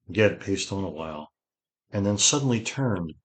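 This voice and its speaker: A man narrating a fantasy audiobook in a steady, measured storytelling manner. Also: deep voice. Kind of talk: scripted narration.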